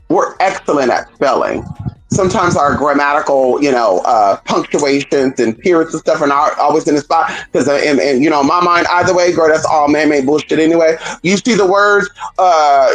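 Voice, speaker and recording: A woman's voice: fairly low pitch, rough recording. A woman talking to her stream in a casual, profane, rambling rant, calling her listeners "girl" and asking "hello?". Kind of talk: casual ranting monologue.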